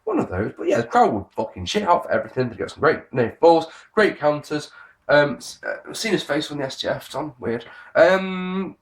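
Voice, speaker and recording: A man giving a casual, sarcastic review of a wrestling show, swearing often and swinging between grumbling and excited outbursts. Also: fairly high pitch, moderate pace. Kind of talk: casual solo review rant.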